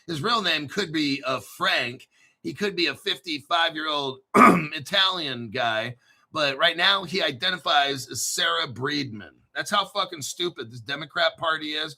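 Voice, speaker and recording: A man hosting a crypto channel, delivering a profane, combative rant and often clearing his throat. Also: a little high, a little slow, pushed and bright. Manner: profane, combative, boastful ranting. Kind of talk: ranting solo commentary.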